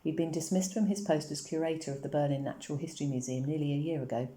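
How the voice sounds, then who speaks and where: A woman reading a children's novel aloud in a calm, measured storytelling manner, in an echoey room. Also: sits low. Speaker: reader.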